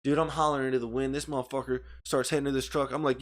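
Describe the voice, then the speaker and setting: A man of middling pitch co-hosting a casual podcast, talking into a studio microphone. He tells a story as an animated, profane rant and gestures with his hands as he talks. He sounds heated and worked up throughout. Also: racing. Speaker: podcast co-host.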